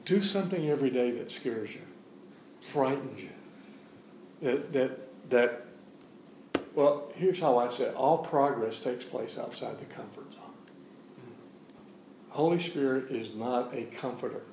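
A man's voice: medium pitch, measured pace, pauses often, a little mellow, roomy sound, a little hiss or hum, poor audio. A man giving a sermon as a guest preacher in a church, preaching in a conversational way and repeating phrases for emphasis. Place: church sanctuary.

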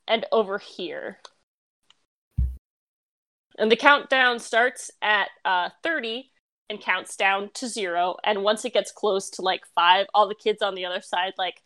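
A woman narrating as game master of a tabletop game, relaxed and chatty with plenty of fillers. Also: mid-range voice, dry recording.

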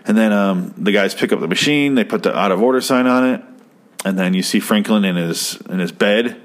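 A young man recapping a TV episode in a casual, rambling, profane commentary, getting excited as he goes. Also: fairly low pitch, brisk. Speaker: show host.

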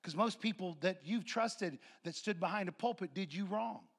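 A pastor, a man, preaches to his church in a high, bright voice. He tells stories with lively acted-out dialogue and loud bursts of laughter. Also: moderate pace, slightly rough. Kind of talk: sermon. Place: church sanctuary with congregation.

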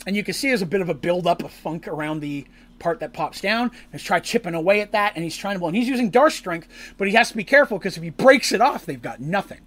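A man recapping a tabletop role-playing session as game master, in animated storytelling that bursts into acted character lines. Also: high voice, quick pace. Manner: lively, acts out characters' lines in shouts and squeals.

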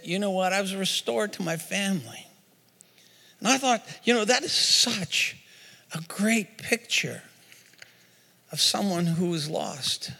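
A man's voice: high voice, gravelly, bright, forceful tone, big-room sound. A man preaching a sermon as pastor, telling a story with quoted voices and repeated words, then leading a prayer.

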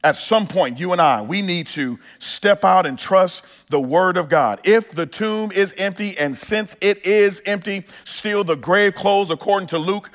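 Male pastor, sermon delivery, a touch high-pitched, earnest and emphatic. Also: measured pace, few pauses, fairly bright tone. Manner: earnest preaching with rising emphasis and frequent restarts.

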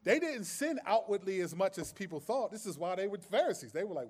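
A man's voice: sits high, sing-song, fairly quick, breathy edge. A man preaching a sermon as pastor, conversational and streetwise, with humor and rhetorical questions.

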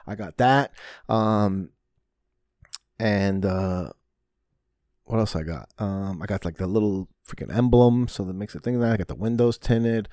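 A man's voice: on the low side, normal speed, mellow, dry recording, studio quality. A man hosting his own podcast in a casual solo rant, rambling and swearing often, with frequent fillers and restarts. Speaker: podcast host. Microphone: podcast mic.

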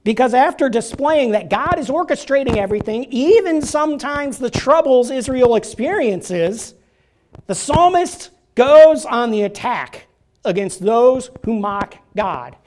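A man's voice: very high-pitched, animated, measured pace, darkish tone. A man preaching a sermon in a church, chatty and joking, often asking the congregation "right?". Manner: joking, conversational, asks the crowd "right?". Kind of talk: casual sermon.

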